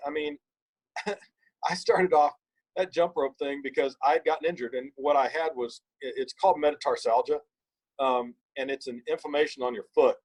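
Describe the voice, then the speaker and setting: A man, a podcast guest, telling an emphatic, animated story in casual conversation. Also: medium pitch, husky, low-quality recording.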